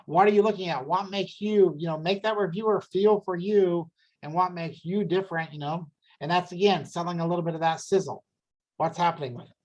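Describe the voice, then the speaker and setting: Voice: mid-range voice, muffled recording. A workshop presenter giving a casual talk on grant writing, conversational and full of "you know" fillers and rhetorical questions.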